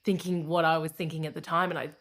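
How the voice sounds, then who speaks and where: A woman in her thirties with an Australian accent, a comedian and radio host appearing as a guest, shares candid personal stories in a casual interview. She talks fast in a low, flat, somewhat bright voice, laughing often and restarting her sentences.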